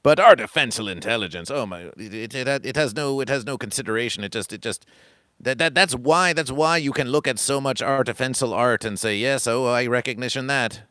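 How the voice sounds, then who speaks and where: Male livestream host, grandiose repetitive sermon cadence, bright tone, dry close mic. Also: mid-range voice, animated, brisk, dry recording. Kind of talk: rambling comic livestream monologue.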